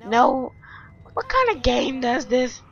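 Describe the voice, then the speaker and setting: A young woman doing let's play commentary, loud and profane, screaming at jump scares and trash-talking enemies. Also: sits high, big pitch swings, slow pace, vocal fry, lo-fi sound. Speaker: gaming channel host.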